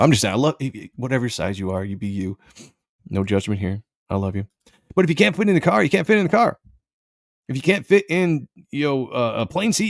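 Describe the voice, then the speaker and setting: A man's voice: lowish voice, no room sound, studio quality. A man hosting a live stream, giving blunt, sarcastic commentary and reading viewer comments aloud. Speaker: live show host.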